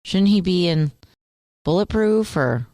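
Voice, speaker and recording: A woman's voice: on the low side, lively intonation, measured pace, warm tone, dry recording. Playful woman radio co-host, dry studio. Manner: playful, tries silly impressions. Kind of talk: casual banter.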